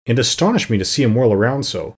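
A man's voice: mid-range voice, sing-song, fast talker, husky. A man reading an audiobook, voicing a huge timid male lion who is sad and self-pitying. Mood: plaintive.

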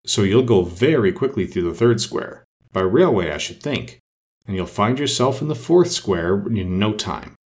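A man voicing a brisk, commanding but kindly queen in a storybook reading. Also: lowish voice, lively intonation, darkish tone, close to an everyday voice. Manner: brisk, urging, matter-of-fact.

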